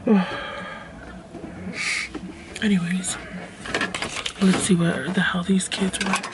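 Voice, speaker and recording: A woman's voice: on the low side, little pitch movement, slow. A young woman talking casually to her camera while driving, rambling and frank. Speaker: vlogger. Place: inside a car. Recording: loud car noise.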